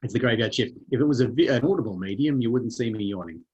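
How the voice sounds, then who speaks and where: A man's voice: medium pitch, lively intonation, fast talker, a little mellow, dull audio. A man, co-hosting a sports podcast with dry, wry banter. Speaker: podcast co-host. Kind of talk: casual sports podcast chat.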